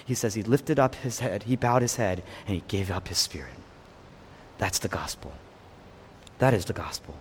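A man preaching a sermon with passion, rising to loud peaks and dropping to hushed lows. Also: moderate pace, pauses often, husky. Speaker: pastor. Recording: long hall reverb.

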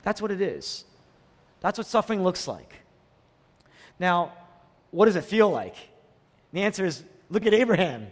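A male pastor preaching a sermon, emphatic, repeating key phrases and swinging from hushed to raised. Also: high-pitched, big pitch swings, moderate pace, pauses often. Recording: long reverb of a large hall.

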